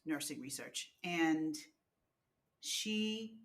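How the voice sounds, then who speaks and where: A woman speaking in a thoughtful, measured way in a casual interview. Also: low voice, lively intonation. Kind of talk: casual conversation.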